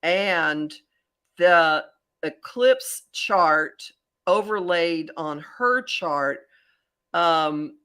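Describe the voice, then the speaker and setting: A woman hosting a podcast as a psychic astrologer, talking in a rambling, animated way with many restarts. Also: lowish voice, drawn-out words, clear, resonant tone. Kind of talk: casual podcast chat.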